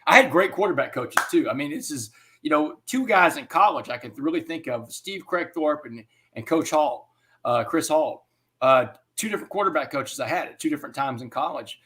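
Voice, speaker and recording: A man giving an interview. He tells a personal story in an animated way and often says "man.". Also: a little high, a little fast. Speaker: interview guest.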